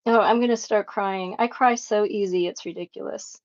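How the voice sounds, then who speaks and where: A woman's voice: mid-range voice, moderate pace, lo-fi sound. A middle-aged woman hosting a live painting stream, chatting casually with viewers, reading their messages aloud and laughing often. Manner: warm, emotional, laughs often, reads chat aloud. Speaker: livestream painting host.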